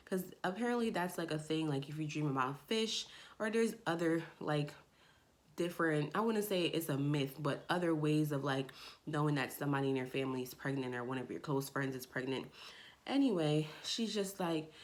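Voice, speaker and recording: A young woman telling a personal story to her camera in a casual, lively way. She jumps into higher voices when she quotes people. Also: moderate pace. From Jamaica. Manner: animated, acts out quoted friends in a raised voice. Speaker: vlogger.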